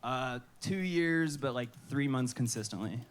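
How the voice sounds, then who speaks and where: A man's voice: medium pitch, animated, measured pace, smooth. A man in his twenties, a comedian guest answering questions in a laid-back, giggly way, saying "dude" often. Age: 20s. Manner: laid-back stoner drawl, says dude a lot, nervous laughs. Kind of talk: casual stage interview.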